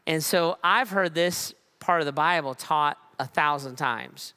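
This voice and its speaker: Man, pastor in church, fairly high and bright voice, relaxed sermon, repeated phrases. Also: clean tone. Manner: conversational and relaxed, with repeated phrases and slow emphatic pauses.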